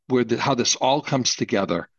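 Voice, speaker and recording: A man's voice: medium pitch, expressive, moderate pace, husky, no echo, lo-fi sound. A man hosting a radio talk show, introducing guests with upbeat energy.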